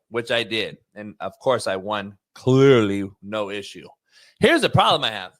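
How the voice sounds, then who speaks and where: A man hosting a sports talk show, talking in a profane, animated, joking way. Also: lowish voice, normal speed, dry recording, clean studio sound. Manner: profane, animated, loud, jokey. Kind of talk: casual chat.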